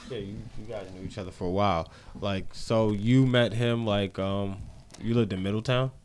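A man's voice: lowish voice, steady tone, moderate pace, a little mellow, slight background noise. A man hosting a casual chat, mostly giving short reactions and teasing questions.

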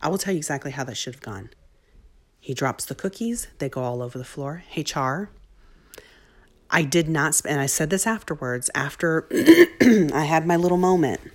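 A woman in her thirties telling a heartfelt, self-critical story as a mother and often dropping into soft whispers. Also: deep voice, expressive, brisk. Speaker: mother sharing a parenting story. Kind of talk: candid personal talk to camera.

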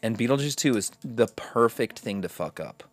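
A young man rants and jokes his way through casual podcast chat, swearing freely. His voice sits at an everyday middle pitch. The close mic sounds dry, with no room around him. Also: animated, normal speed, no room sound. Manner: swears freely, ranting and joking. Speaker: podcast co-host.

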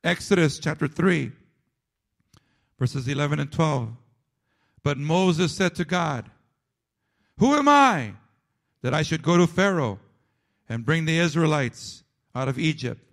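A man preaching a sermon, emphatic and repetitive, dropping to a low, quiet delivery at times. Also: animated, unhurried, creaky, long pauses.

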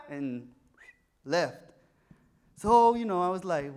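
A man's voice: high voice, expressive, slow pace, long pauses, a little mellow, clear, resonant tone. A young man telling a personal story in a sermon, acting out the voices of the people in it. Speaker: preacher.

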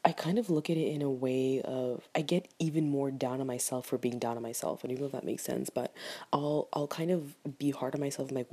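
A woman's voice: rumbling low, steady tone, fairly quick, warm tone, breathy edge. A young woman in candid personal talk to camera, rambling and heartfelt, full of "like" fillers, sometimes dropping to a whisper. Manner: rambling, heartfelt, self-critical, many "like" fillers. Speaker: vlogger.

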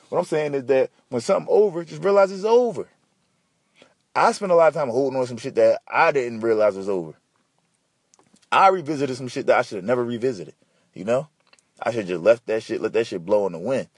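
A man hosting a podcast, ranting and telling stories in a slangy, profane, animated way. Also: mid-range voice, brisk, husky, no echo, clean studio sound. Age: adult. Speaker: podcast host. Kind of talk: casual solo podcast rant.

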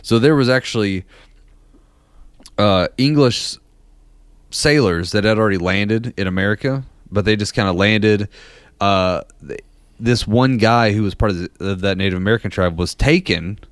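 This podcast co-host is a man whose stories wander, crammed with fillers and punctuated by laughs during the casual chat. He speaks at a normal speed in a fairly low voice, recorded dry.

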